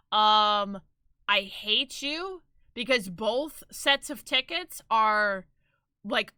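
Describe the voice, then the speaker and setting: A woman streaming live and chatting casually to her viewers, expressive and quick to laugh. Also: on the high side, clear, resonant tone, no room sound.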